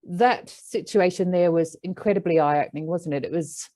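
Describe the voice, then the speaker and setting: Lively Australian woman telling a story. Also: lowish voice, normal speed, low-quality recording. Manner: animated, recounting with lots of fillers. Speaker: animal communicator. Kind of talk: casual storytelling.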